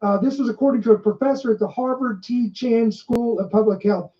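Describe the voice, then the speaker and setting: Brief: woman podcast host, emphatic news commentary, mellow tone, dull muffled recording. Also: a little high, fairly even intonation, a little fast. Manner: emphatic, stresses and repeats key words. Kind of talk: commentary reading news aloud.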